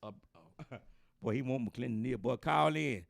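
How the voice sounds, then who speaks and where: A man's voice: medium pitch, normal speed, vocal fry, dry recording, studio quality. A man hosting a casual call-in radio show, hyping his guests and repeating the phone number.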